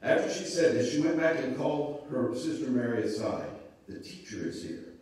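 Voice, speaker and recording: A man leading a church service, reading scripture and then talking gently and folksily to children. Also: medium pitch, sing-song, moderate pace, slight background noise. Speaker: pastor leading children's moment. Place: church sanctuary. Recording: echoey church room, mic far off.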